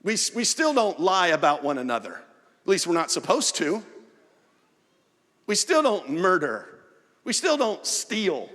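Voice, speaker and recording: High-voiced preacher in a reverberant church hall. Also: male voice, sing-song, a little slow, pauses often, a bit bright. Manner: earnest preaching with acted-out asides. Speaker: pastor. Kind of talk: sermon. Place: church sanctuary.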